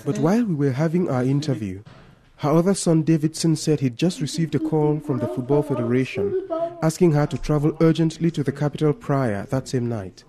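A male reporter narrating a scripted news feature in a measured storytelling manner. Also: on the high side, a crowd in the background.

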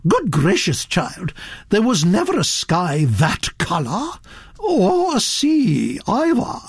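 A man's voice: high-pitched, huge pitch swings, vocal fry, slightly rough, no echo, studio quality, pitched above the performer's own voice, full character voice. Man doing a bossy elderly duchess. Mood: imperious. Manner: brisk, commanding, disapproving. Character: imperious elderly duchess, blunt and domineering.

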